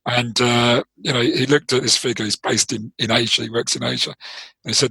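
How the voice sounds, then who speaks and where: London man, bright yet husky voice. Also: mid-range voice, fairly even intonation, quick pace, no room sound, rough recording. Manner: thoughtful, explanatory, with frequent restarts and repeated words. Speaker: trading performance coach, interview guest. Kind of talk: interview conversation.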